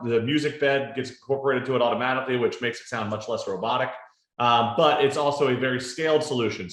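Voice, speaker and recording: A man presenting a casual screen-share product demo, explaining in a relaxed way with lots of fillers and tag questions. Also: medium pitch. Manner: relaxed, filler-heavy explaining with frequent "right?". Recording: roomy echo.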